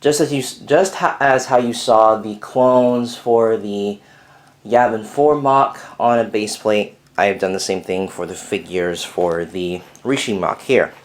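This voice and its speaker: Chatty young man with a lowish voice. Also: a little slow. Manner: rambling, chatty, many fillers. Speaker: Lego builder vlogger. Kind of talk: casual video update. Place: bedroom at home.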